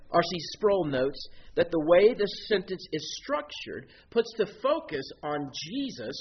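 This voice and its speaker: A man preaching an expository sermon, explaining Greek words step by step in an animated teaching manner. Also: a little high. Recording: dull lo-fi sound with faint noise.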